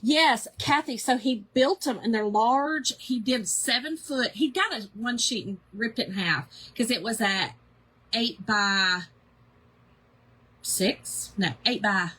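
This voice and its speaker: A woman's voice: fairly high pitch, slow, pushed and bright, husky. A woman hosting a casual craft livestream, chatting in a rambling way, greeting viewers by name and poking fun at herself.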